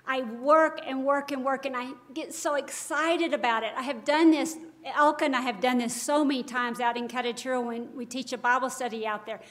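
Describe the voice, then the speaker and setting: A woman's voice: high-pitched, steady tone, moderate pace, hardly any pauses, a bit bright. A woman giving a devotional Bible teaching, earnest and emphatic, full of rhetorical questions.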